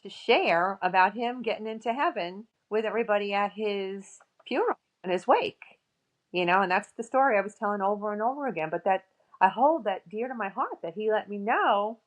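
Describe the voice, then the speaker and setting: A woman's voice: mid-range voice, brisk, rough recording. A middle-aged woman, an author and paranormal investigator, tells emotional personal stories as a podcast guest, acting out the voices of the people in them. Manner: animated, acts out the voices of people in her stories.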